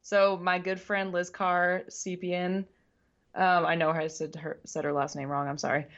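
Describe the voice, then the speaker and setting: A woman's voice: fairly low pitch, flat delivery, normal speed, fairly bright tone, lo-fi sound. A woman co-hosting a radio show, chatting casually and laughing often, sometimes stumbling over names. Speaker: podcast co-host. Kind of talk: casual sports chat.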